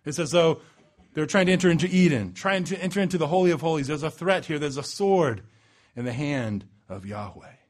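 A man preaching a sermon, building to loud emphatic peaks and dropping low and slow for weight. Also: expressive. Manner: dramatic swings in pitch and loudness, slows for emphasis.

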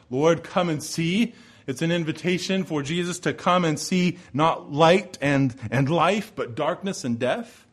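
Preaching man with a fairly high voice. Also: husky. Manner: dramatic shifts between forceful emphasis and hushed pauses. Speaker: pastor. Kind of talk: expository sermon.

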